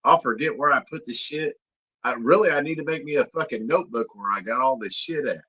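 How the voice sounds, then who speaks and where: A man's voice: medium pitch, brisk, sharp tone, breathy edge, low-quality recording. A man, a father, co-hosting a casual chat and telling his own story in a laid-back, profane way. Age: father of grown kids.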